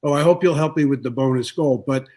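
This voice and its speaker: A man in a relaxed interview speaks slowly and thoughtfully, pausing often with "uh" as he tells a story. His voice sits at an ordinary middle pitch. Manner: unhurried, thoughtful, many "uh" pauses. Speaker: guest author.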